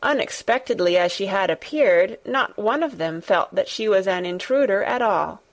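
A woman narrating a classic storybook in a measured, gentle way. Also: medium pitch, expressive. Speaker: audiobook narrator. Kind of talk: scripted narration.

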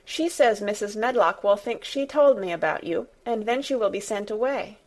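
A woman's voice: mid-range voice, normal speed, natural voice. A woman voicing a young girl who speaks in a direct, matter-of-fact way. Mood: earnest. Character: plain-spoken young girl, blunt and curious.

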